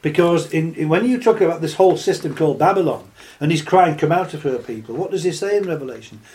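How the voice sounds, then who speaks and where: A man delivers a sermon in a fairly high voice. He reads scripture in a slow, measured way, then presses his point with fervent, rising questions. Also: lively intonation, a little mellow. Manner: reads scripture slowly, then rises to impassioned exhortation. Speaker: preacher. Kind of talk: sermon, Bible teaching.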